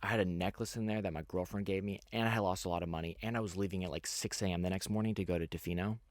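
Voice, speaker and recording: A man's voice: sits low, fairly even intonation, rapid-fire, dry recording, clean studio sound. A young man hosting a podcast, telling a rambling story in casual chat, full of fillers and restarts. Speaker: podcast host.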